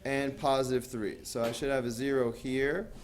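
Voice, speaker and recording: A man's voice: medium pitch, fairly even intonation, normal speed. A man teaching a math class, talking casually with lots of fillers and asking students questions. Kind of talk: classroom lecture.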